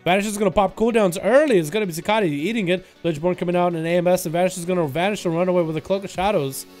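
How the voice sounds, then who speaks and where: Fast, excitable young male game caster. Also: high-pitched, soft background music. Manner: excitable, rapid-fire, hype. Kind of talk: esports play-by-play commentary.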